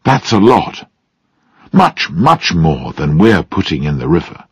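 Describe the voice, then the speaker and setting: A man playing a calm male factory scientist. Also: sits low, a little slow, slightly rough, dry recording, muffled recording, heavily acted. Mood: reassuring.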